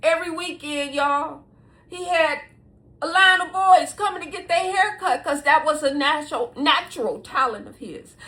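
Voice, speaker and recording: A middle-aged woman giving viewers blunt advice in a casual monologue, preachy and animated, often laughing mid-sentence and calling out to them as y'all. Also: high-pitched. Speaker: vlogger.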